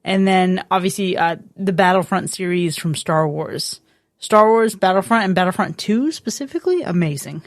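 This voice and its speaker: A woman's voice: on the low side, normal speed, no room sound, studio quality. A woman co-hosting a podcast, chatting casually and candidly, swearing now and then. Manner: candid, swears casually, animated when excited. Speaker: podcast co-host. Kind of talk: casual chat.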